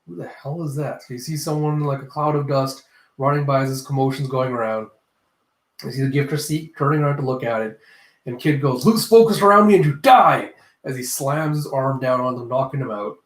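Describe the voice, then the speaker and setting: A man's voice: medium pitch, steady tone, brisk. A man casually reviewing a comic chapter, rambling and correcting himself as he goes. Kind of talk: casual reaction commentary. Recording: echoey room.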